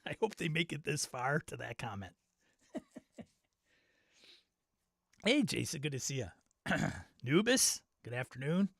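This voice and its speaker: A middle-aged male host chatting casually on a live stream, drifting between memories and laughing at his own tangents. His voice sits at an ordinary middle pitch. The sound is dry and close, with no room echo. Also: very animated, takes it slowly, gravelly, pauses often, fairly bright tone. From Wisconsin. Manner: rambling and nostalgic, laughing at himself. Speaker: channel host.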